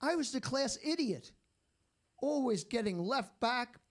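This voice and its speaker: A man doing a stand-up routine, delivering deadpan one-liners after slow setups. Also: very high-pitched. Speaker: stand-up comedian.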